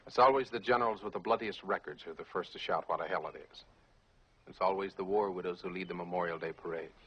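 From an old 1960s film drama soundtrack, a male actor plays a bitter, cynical American wartime officer who argues in a cutting, measured way. His mood is bitter yet earnest, and his low, husky voice comes through on dull audio.

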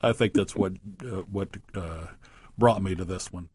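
A man talking casually as a radio contributor, relaxed and halting, pausing with fillers. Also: low voice, crowd noise. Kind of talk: casual storytelling.

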